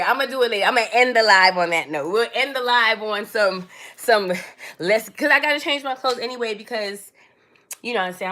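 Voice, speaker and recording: A young adult woman with chats loosely on her livestream, rambling from one thing to the next. Her voice sits a little high and rings bright and forceful, with plenty of laughing in her talk. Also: moderate pace. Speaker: livestream host. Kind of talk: casual livestream chat.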